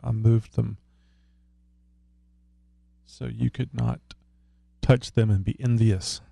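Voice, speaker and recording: Male podcast co-host, gravelly, rambling and joking, dry close mic. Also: medium pitch, steady tone, slow, warm tone, dry recording. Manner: joking, rambling, fiddles with his setup while talking. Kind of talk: casual chat.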